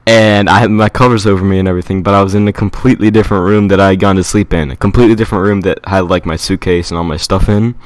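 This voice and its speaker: A man's voice: low-pitched, very fast, few pauses, dry recording. A man co-hosting a comedy podcast, chatting casually with plenty of ums and likes. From England. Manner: relaxed, many fillers like um and like. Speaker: podcast co-host.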